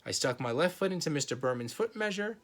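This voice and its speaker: A man reading a children's chapter book aloud in a steady storytelling manner. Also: a little high, fast. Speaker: reader.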